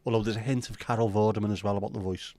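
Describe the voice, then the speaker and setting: Reading comments on a laid-back livestream, this Liverpool man fires off blunt, sweary replies at a rapid pace. His voice is on the low side, and the recording is close and dry with no room sound.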